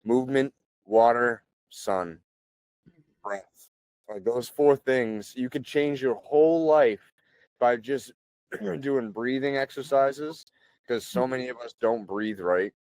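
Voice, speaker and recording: A man in his thirties, a podcast guest, talking in a relaxed, chatty way full of "like" and "you know" and clearing his throat often. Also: medium pitch, slow pace, dry recording. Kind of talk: casual conversational storytelling.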